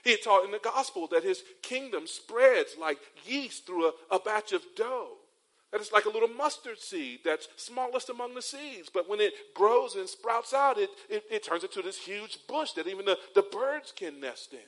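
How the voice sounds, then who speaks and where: A male pastor delivers a sermon with a somewhat high voice. He is from North Carolina and weaves stories into his preaching, tossing in rhetorical tags and calling the congregation beloved. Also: lively intonation, normal speed, a bit bright, rough recording. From North Carolina, USA.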